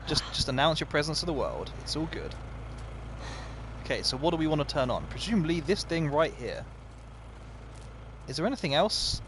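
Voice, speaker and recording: A man's voice: fairly high pitch, big pitch swings, normal speed, pauses often, background noise. A man commentating live as he plays a video game, chatty and self-mocking, often talking to the game itself. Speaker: game streamer.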